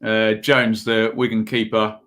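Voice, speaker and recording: A man from Ipswich, England hosts a casual football livestream, rambling through live commentary, calling scores, and reading viewers' chat aloud with many ums. His voice is lowish and fairly bright, with a flat, unhurried delivery.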